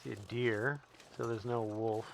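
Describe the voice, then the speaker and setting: A man in mid-range pitch runs a live gameplay stream, talking easily to his chat while he explores. His delivery is casual and chatty, and a faint hiss of background noise sits under the voice. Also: steady tone, measured pace, gravelly. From Northern Canada.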